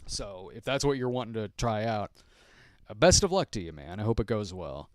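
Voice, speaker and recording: A man's voice: on the low side, big pitch swings, moderate pace, a little mellow, no room sound, clean studio sound. A middle-aged man hosting a podcast, chatting casually through viewer questions, rambling and restarting his sentences. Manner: rambling, frequent restarts and fillers, chuckling. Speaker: podcast host. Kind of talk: casual live stream chat answering viewer questions.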